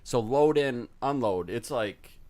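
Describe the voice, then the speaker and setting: A man's voice: medium pitch, lively intonation, slow pace, a little mellow. A man co-hosting a podcast, telling a rambling, self-deprecating anecdote in casual chat. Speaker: podcast co-host.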